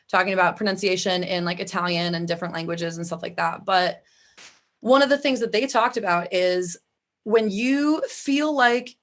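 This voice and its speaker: A woman's voice: mid-range voice, fairly bright tone. A woman from the Chicago area with a Midwestern accent, chatting as a guest about singing, full of "like" fillers. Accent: Midwestern American. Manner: chatty, frequent "like" fillers, laughs easily. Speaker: vocalist guest. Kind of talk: casual interview chat.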